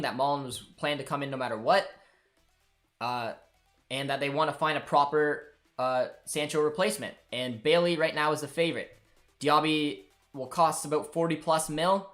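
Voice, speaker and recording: A Canadian man hosts a live football watchalong stream, rambling casually to his viewers and producer with faint music in the background. His voice is on the high side and a bit bright, with fairly even intonation at normal speed.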